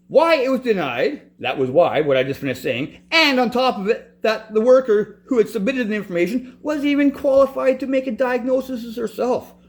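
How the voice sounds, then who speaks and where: A man with a noticeably high voice rants in frustration. He swears constantly and keeps breaking off and restarting his sentences as he tells his own story. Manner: profane, frustrated, restarts often. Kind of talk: angry personal rant.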